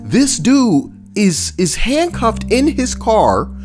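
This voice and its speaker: Animated, profane ranting man. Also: high-pitched, slow, soft background music. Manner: profane, indignant, mocking. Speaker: commentator. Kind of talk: ranting commentary on a video.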